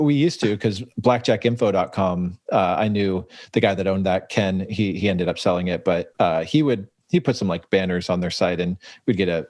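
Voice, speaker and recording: Male podcast host, low voice, easygoing interviewer, dry recording. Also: darkish tone, dry recording. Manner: laughs often, asks follow-up questions. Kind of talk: casual interview chat.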